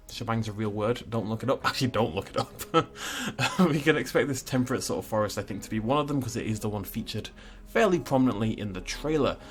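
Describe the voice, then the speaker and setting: A man with a mid-range voice hosts a gaming channel and walks through video game news in a loose, chatty way. He drifts into asides and chuckles as he goes. Soft music plays faintly underneath. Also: medium pitch.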